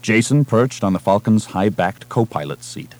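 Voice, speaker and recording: A man narrating a science-fiction novel as an audiobook reader, with a measured, dramatic delivery. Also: lowish voice, animated, a little mellow. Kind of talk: scripted narration.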